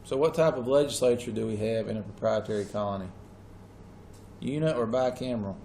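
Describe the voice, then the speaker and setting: A man's voice: medium pitch, brisk, vocal fry, warm tone, a little hiss or hum. Man teaching a class, checking in often. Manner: checks in often with students, casual Southern-style phrasing. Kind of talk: classroom lecture.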